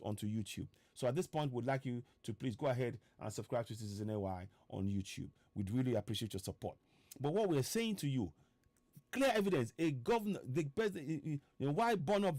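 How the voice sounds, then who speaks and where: A Nigerian-accented man, a political activist, hosts a passionate online broadcast in a medium-pitched, darkish voice with no echo. He fires off rhetorical question after rhetorical question, stammering and restarting as he goes.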